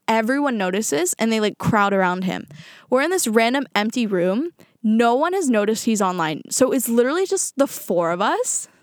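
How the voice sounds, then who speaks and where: Young woman, fairly high voice, dry close mic, casual storytime vlogger with lots of swearing and acted-out quotes. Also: no room sound. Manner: chatty, animated, swears, acts out quotes.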